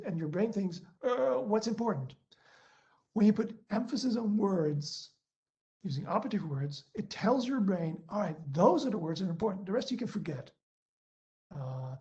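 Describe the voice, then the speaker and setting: A man gives a presentation on a webinar from his computer, and his mellow, soft-toned voice comes through dull, lo-fi video-call audio. He speaks loosely with lots of ums, uhs and self-corrections, like a speaker working without a script. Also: high-pitched. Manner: hesitant, many fillers and restarts. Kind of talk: online presentation talk. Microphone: laptop built-in mic on a video call.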